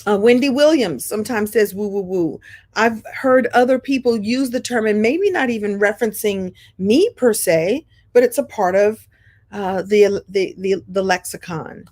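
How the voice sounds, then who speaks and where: Expressive woman host in her fifties. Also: normal speed. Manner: warm, expressive storytelling with playful pitch jumps. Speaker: show host. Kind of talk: casual monologue to camera.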